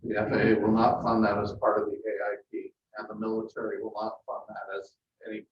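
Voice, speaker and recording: A man's voice: lowish voice, completely flat delivery, fast, slight background noise. Guy answering questions at a city meeting, lots of ums, roomy muffled sound from far off. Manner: plainspoken, hesitant with frequent ums. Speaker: airport manager. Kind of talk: meeting discussion. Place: council meeting room. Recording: echoey, distant, muffled meeting audio.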